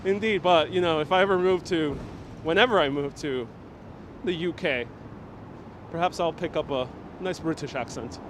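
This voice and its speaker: Young guy with a new york accent, high voice, chatting on a live stream, clip-on mic, loud traffic rumbling behind. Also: moderate pace. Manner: chatty, joking, reads out viewer comments. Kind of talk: casual live-stream chat. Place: busy city street outdoors, walking. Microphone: wireless clip-on mic.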